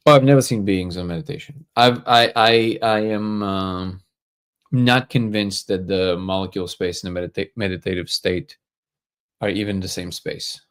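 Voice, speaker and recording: A man hosting a casual livestream, answering viewer comments in a relaxed, joking way and thinking aloud as he goes. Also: sits low, moderate pace, smooth. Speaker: livestream host.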